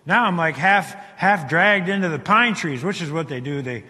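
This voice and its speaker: A man with a fairly high, sharp, tense voice tells a dramatic survival story to a crowd. He stumbles over and repeats words, dropping to a hush and then rising again. His voice rings with the long reverb of a large hall. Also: lively intonation. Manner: halting, repeats words, swings between hushed and loud. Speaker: speaker telling a survival story. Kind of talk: dramatic storytelling speech to an audience. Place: hall with a live audience.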